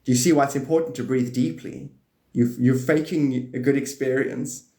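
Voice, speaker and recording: A man hosting a live stream, rambling playfully about spirituality and now and then jumping into high excited bursts. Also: moderate pace. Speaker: livestream host. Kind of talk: rambling spiritual livestream talk. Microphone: phone or desk mic on a live stream. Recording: echoey room.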